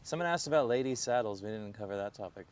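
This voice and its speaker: A man's voice: lowish voice, animated, quick pace. A man, a guest in a casual chat, speaking in short, laid-back remarks.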